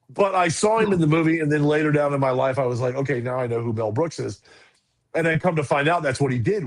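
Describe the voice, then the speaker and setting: A man in his forties on a podcast, telling a story in a casual, rambling way with lots of restarts and fillers. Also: medium pitch. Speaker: podcast co-host.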